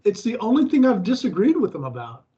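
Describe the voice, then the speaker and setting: High-pitched american guy, rambly casual chat, lots of restarts, dull lo-fi audio. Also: wildly swooping pitch, fast talker, mellow. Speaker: co-host.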